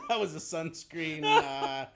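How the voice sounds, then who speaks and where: A man's voice: a little high, creaky, heavy background noise. A man, a guest comedian, chatting casually on a comedy podcast, rambling into asides and laughing often.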